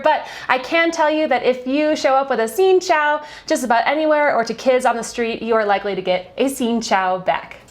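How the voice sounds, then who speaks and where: Chatty upbeat American woman. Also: on the high side. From United States. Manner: chatty and upbeat, laughs between points. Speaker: travel vlogger. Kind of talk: casual travel guide explainer.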